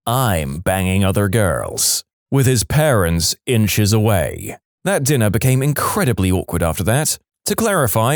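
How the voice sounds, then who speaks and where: A man's voice: mid-range voice, no echo. Male story narrator, swooping delivery, dead-dry booth. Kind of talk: reading reddit stories aloud.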